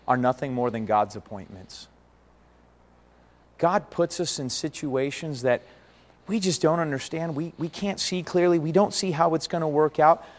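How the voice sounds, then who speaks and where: A man preaching a sermon, earnest, with big swings between loud and quiet. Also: a little high. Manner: earnest, rises and falls dramatically. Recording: long hall reverb.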